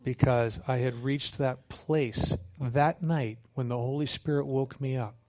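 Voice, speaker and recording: In this sermon, a missionary with a mid-range voice talks a little slowly. His storytelling is humorous and conversational, lively, with quotes he acts out himself.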